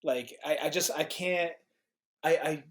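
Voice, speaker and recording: A man's voice: on the high side, a little slow. Hesitant man musing in casual chat. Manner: thoughtful, hesitant, restarts sentences. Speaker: podcast guest.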